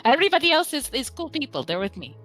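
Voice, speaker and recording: A woman's voice: high-pitched, sing-song, quick pace, a bit bright, faint music behind, poor audio. A woman player chatting casually, telling stories with frequent laughter. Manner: giggly storyteller, laughs between words. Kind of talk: casual chat.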